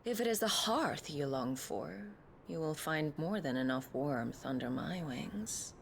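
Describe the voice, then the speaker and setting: Commanding game villainess, breathy and scornful, slow and low, pitch rising and falling widely. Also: female voice, lively intonation, slight background noise, heavily acted. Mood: seductive. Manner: slow, drawn-out, taunting. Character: seductive, scornful, commanding female warrior villain.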